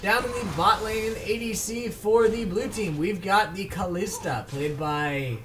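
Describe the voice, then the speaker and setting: Over a noisy background, an esports shoutcaster with a high voice takes his time commentating a video game match by himself. His delivery is casual and meandering, and he frequently fumbles the players' names.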